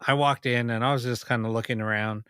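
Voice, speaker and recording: A man's voice: medium pitch, fairly even intonation, fast, pushed and bright, clear, resonant tone, no echo, clean studio sound. A man from Los Angeles hosting a podcast, telling rambling anecdotes full of fillers and restarts. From United States (Los Angeles). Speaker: podcast host. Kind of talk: casual podcast chat.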